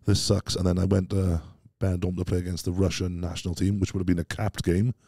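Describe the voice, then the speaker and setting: Welsh man, very deep and dark-toned, rapid-fire rambling anecdotes, blunt and self-questioning; guest in a casual chat. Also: flat delivery, no room sound, studio quality. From Wales. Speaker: podcast guest. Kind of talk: casual interview storytelling.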